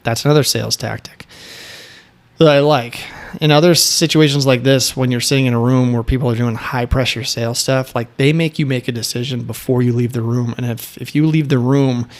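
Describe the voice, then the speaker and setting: A man telling a casual, animated anecdote, with quick asides and acted-out quotes. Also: medium pitch. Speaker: storyteller.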